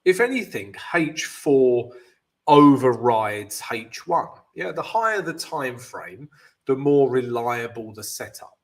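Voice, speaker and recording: A man hosting a live trading stream, casually talking through chart analysis and answering viewers, often calling them guys and filling pauses with yeah and um. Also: medium pitch, animated. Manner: casual, addresses viewers as guys, many fillers.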